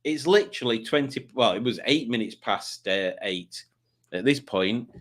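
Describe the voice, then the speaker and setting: This streamer has an expressive, fairly bright mid-range voice and talks at an ordinary pace. He banters through viewers' comments, joking around and voicing the commenters in silly impressions.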